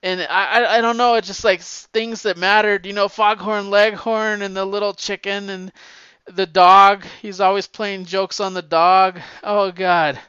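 A man's voice: sits high, level tone, measured pace, sharp tone, clean tone, no echo, muffled recording. A man talking casually and at length about comic books, rambling with stammered restarts and swearing freely. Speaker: comic book fan talking to a friend. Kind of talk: casual chat.

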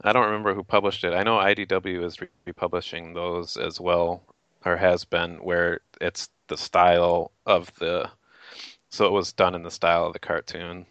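A man's voice: deep voice, level tone, normal speed, a bit bright, smooth, no echo, muffled recording. A man co-hosting a podcast in casual chat, rambling a little as he recalls things. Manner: rambling, restarts while recalling. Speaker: podcast co-host.

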